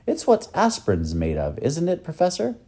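A man's voice: on the high side, wildly swooping pitch, moderate pace, mellow, slightly rough, pitched above the performer's own voice, heavily acted. A man voicing a clever, matter-of-fact schoolboy in a storybook reading. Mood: plain. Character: clever schoolboy, a bit of a know-it-all.

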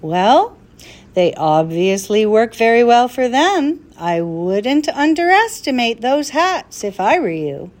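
A woman voicing a calm, wise male helper who speaks gently and persuasively in a storybook reading. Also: fairly high pitch, slow.

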